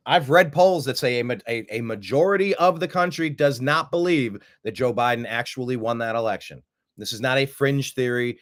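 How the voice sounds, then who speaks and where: A man's voice: medium pitch, normal speed, fairly bright tone. A man hosting a political commentary show, talking emphatically and sarcastically, often repeating words for effect. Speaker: host.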